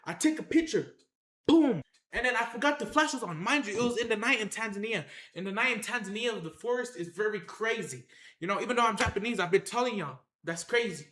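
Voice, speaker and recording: A man with a high, bright voice tells a rambling tale on a livestream, looping back over himself and calling out to his viewers. The sound bounces around an echoey room. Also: brisk. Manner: animated, repetitive, addresses the chat directly.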